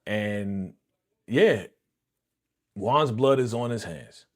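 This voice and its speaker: A man hosting a live reaction stream, excitedly retelling a TV episode in slangy, chuckling casual talk. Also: lowish voice, drawn-out words.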